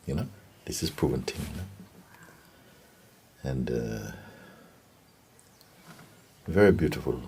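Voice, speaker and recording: A man giving a gentle spiritual talk and telling stories, often checking in with his listeners. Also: rumbling low, expressive, noisy background. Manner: gentle, unhurried, keeps asking "you see?". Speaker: spiritual teacher.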